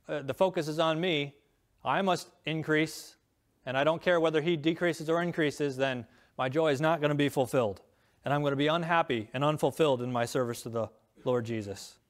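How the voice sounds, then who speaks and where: A man's voice: fairly high pitch, fairly even intonation, moderate pace. A middle-aged man preaching a sermon as pastor, earnest, reading scripture aloud and rising in voice on key lines.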